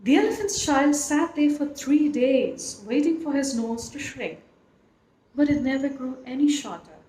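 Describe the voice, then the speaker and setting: A woman reading a classic animal story aloud, with an expressive, lilting storyteller's manner. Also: high voice, a little slow. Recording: echoey room, faint noise.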